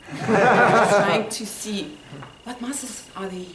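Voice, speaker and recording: A woman whose first language is not English gives a humorous speech to an audience, telling her story with lively delivery and acting out lines. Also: mid-range voice, very slow. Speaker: contest speaker. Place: indoor meeting room with audience. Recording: roomy, distant, with noise and audience laughter.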